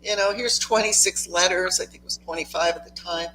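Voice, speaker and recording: A woman English teacher speaking emphatically in a conversational discussion, explaining her points with quick examples. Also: lowish voice, fairly even intonation, sharp tone, faint music behind, poor audio.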